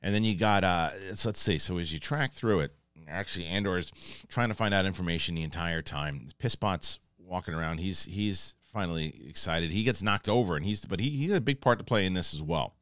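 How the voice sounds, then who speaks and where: A male host giving an excited, rambling spoken review of a TV episode and acting out lines as he goes. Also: low voice, brisk, no echo, clean studio sound.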